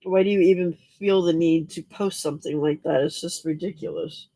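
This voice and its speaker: A tired, yawning woman hosting a late-night crafting livestream, chatting with viewers by name in a relaxed way. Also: on the low side, brisk, no echo. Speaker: livestream host.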